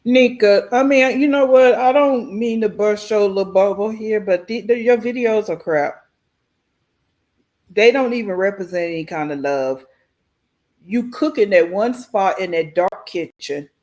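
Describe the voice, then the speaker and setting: A woman hosting a reaction channel, giving blunt, emphatic commentary as she pauses a clip. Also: mid-range voice, a little mellow.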